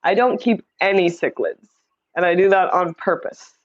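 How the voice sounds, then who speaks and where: A woman with a lowish voice speaks at a normal speed while hosting a casual livestream chat. Hailing from Indiana, USA, she's chatty, greeting viewers by name and reading their comments aloud. The streaming setup mic gives a lo-fi sound.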